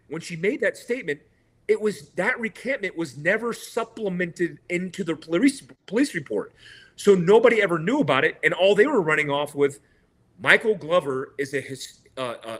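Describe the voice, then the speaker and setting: A man's voice: a little high, fairly bright tone. A middle-aged man, a guest in an interview, animatedly retelling events and quoting what others said, often laughing. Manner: retells with quoted dialogue and laughs. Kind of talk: animated storytelling.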